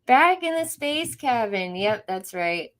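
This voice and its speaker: A woman's voice: fairly high pitch, very animated, slow pace, fairly bright tone. A woman hosting a casual livestream from home, chatting, greeting viewers by name and laughing often. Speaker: livestream host.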